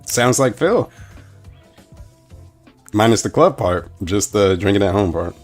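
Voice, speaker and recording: A man's voice: on the low side, expressive, a little slow, faint music behind. A man chatting in the background of a game stream, making dry joking asides. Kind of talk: casual chat.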